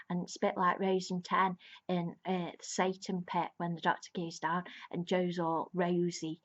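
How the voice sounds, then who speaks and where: A woman casually retelling a plot as a video reviewer, rambling with many restarts and fillers and laughing now and then. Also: fairly low pitch. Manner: amused, laughs between lines. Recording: slightly dull lo-fi sound.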